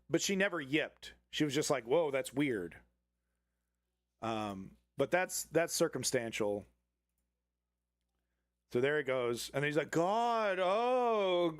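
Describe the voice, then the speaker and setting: A man's voice: medium pitch, no echo, studio quality. A man hosting a live commentary stream, talking bluntly and profanely with frequent restarts. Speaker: live news commentary host.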